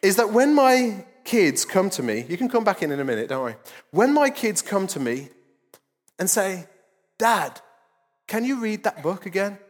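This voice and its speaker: Brief: male lead pastor, 30s, high voice, chatty joking sermon, long church-hall reverb. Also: sing-song, moderate pace, faint music behind. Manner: conversational, joking, self-deprecating preaching. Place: church auditorium.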